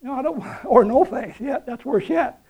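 A man's voice: extremely high pitch, moderate pace, gravelly, darkish tone, slightly rough, poor audio. A man preaching a sermon, retelling a story in a folksy, conversational way with chuckles and emphatic repetition.

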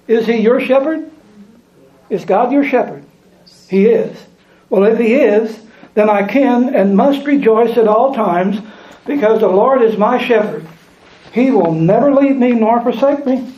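A man's voice: extremely high pitch, measured pace. A man preaching a sermon, reading scripture aloud and repeating lines for emphasis. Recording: echoey room, dull lo-fi sound.

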